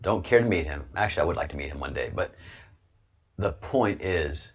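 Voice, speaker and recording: A man's voice: very deep voice, expressive, brisk, slightly rough, lo-fi sound. A man hosting an online video show, giving heated political commentary and repeating words as he pushes his point. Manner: emphatic, repeats words while pushing a point.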